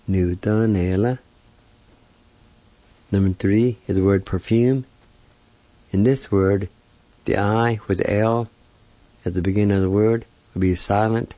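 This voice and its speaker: A man teaching a language lesson, spelling words out letter by letter and pronouncing them slowly, syllable by syllable. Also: lowish voice, mellow, no echo, lo-fi sound. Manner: slow, careful, syllable-by-syllable pronunciation.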